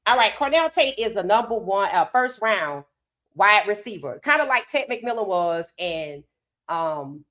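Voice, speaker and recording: A woman hosting a live sports talk stream, reading viewer comments aloud and reacting with animated opinions, her voice worn from hours of streaming. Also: medium pitch. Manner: animated, talks straight to chat, reads comments aloud. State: losing her voice.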